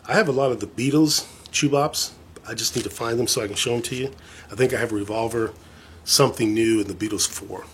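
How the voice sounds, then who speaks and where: A man's voice: mid-range voice, a little fast, slight background noise. A man chatting casually to camera as a vlogger, rambling and enthusiastic with a self-deprecating streak. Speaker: vlogger showing his record collection.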